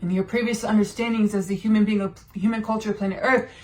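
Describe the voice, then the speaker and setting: A woman hosting a podcast, giving a channeled spiritual monologue and sharing personal thoughts in a slow, drawn-out, meditative way. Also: mid-range voice, steady tone. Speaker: podcast host.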